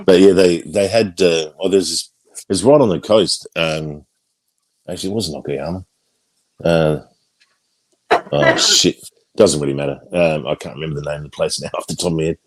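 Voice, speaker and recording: A man's voice: rumbling low, moderate pace, pauses often. A man in casual chat, telling a rambling story with frequent fillers and casual swearing.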